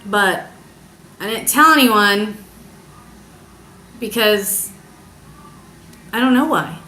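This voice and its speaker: A young woman telling a personal story in a confessional vlog, halting and hesitant, emotional as she searches for words. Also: mid-range voice, pushed and bright. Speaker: vlogger. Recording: echoey room.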